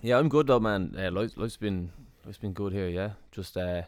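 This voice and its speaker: A man's voice: fairly low pitch, moderate pace, no echo, studio quality. A young Irish man co-hosting a podcast in casual, laid-back chat, swearing and laughing easily. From Ireland. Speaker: podcast co-host.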